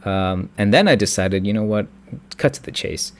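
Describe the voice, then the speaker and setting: A young man telling a personal story in a halting way, with many restarts and fillers. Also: on the low side, expressive.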